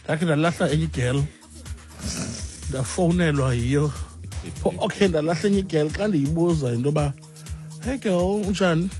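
A high-pitched man hosts a breakfast radio show. He tells stories with animated energy and switches freely between isiXhosa and English, with music playing faintly underneath. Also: a little fast, pauses often. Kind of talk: casual radio banter.

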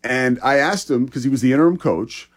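A man's voice: mid-range voice, fairly quick. A man co-hosting a sports talk show, chatting in an enthusiastic, conversational way. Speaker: sports podcast co-host.

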